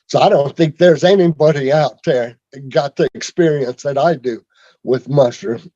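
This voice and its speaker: A man telling his own story on a video call in a rambling, halting way, with many fillers and restarts. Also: a little high, dark tone, no echo. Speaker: speaker sharing his story. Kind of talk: rambling personal testimony. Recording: dull lo-fi video call audio.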